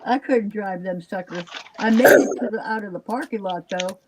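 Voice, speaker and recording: Exhausted and chatty, an older woman joins a live stream conversation, wandering from point to point and letting sentences fade into fillers. She speaks at a moderate pace in a mid-range voice, over crowd noise on poor-quality audio.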